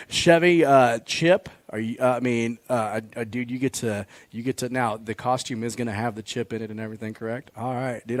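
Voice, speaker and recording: A man's voice: mid-range voice, no room sound. A man hosting a casual school show, joking and teasing his guests in a folksy way. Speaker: host of a school sports show.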